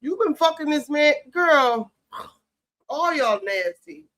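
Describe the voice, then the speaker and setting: A man's voice: extremely high pitch, expressive, takes it slowly, bright, forceful tone. A man giving sassy, profane, heated commentary on a reality show while cooking in his home kitchen. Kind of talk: casual commentary chat.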